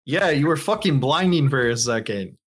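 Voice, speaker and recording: A man's voice: mid-range voice, lively intonation, normal speed, breathy edge. A man hosting a casual podcast over a video call, joking with crude banter. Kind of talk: casual chat.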